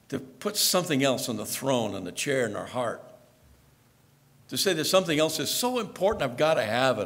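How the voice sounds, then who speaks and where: A man preaching in a church, telling the story conversationally and playing out the quoted voices. His voice has a gravelly edge and swings widely in pitch, rising and dropping as he talks. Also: fairly bright tone, in a large hall. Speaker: pastor. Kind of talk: sermon.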